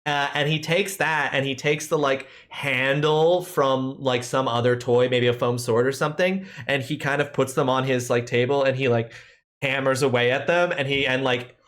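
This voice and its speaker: A man's voice: mid-range voice, steady tone, moderate pace, fairly bright tone. A man narrating as game master in a casual, rambling way with many fillers.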